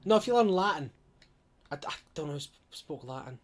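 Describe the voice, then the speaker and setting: A young man hosting a let's play, chatting loosely as he plays, with a slightly high voice. He rambles, stumbles over his words and corrects himself mid-sentence. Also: lively intonation, brisk. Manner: rambling, trails off and self-corrects. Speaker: gaming channel host. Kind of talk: casual let's play chat.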